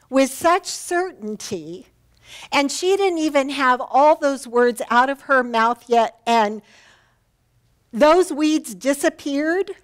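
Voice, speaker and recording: A woman minister speaking slowly and deliberately from the pulpit. Her voice sits a little high for a woman, and she tells personal stories with earnest warmth. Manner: warm, personal storytelling with heartfelt pauses. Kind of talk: sermon. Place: church sanctuary.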